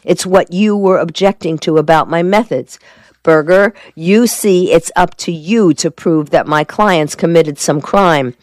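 A woman's voice: fairly low pitch, dry recording, voice pushed up, natural voice. A woman reading as a cool, shrewd male lawyer. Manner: cool, measured and evasive.

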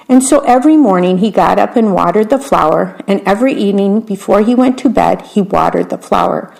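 A woman reading picture books aloud in a gentle, unhurried way, describing the pictures as she goes. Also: mid-range voice, gravelly, low-quality recording. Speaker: storyteller.

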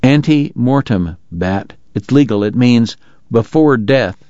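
A man's voice: medium pitch, lively intonation, measured pace, darkish tone, no room sound, lightly acted. Brief: man playing blunt, insistent frontier lawman, dry muffled read. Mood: patient. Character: stubborn, blunt male frontier lawman, dogged.

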